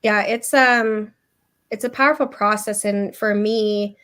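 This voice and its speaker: A woman in her thirties speaks as a guest over a video call, with a voice of middling pitch. She talks in a loose, chatty way, full of fillers and restarts, as she tells a personal story. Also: steady tone, unhurried, a bit bright, smooth. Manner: chatty, many fillers and restarts, mimics others in quotes.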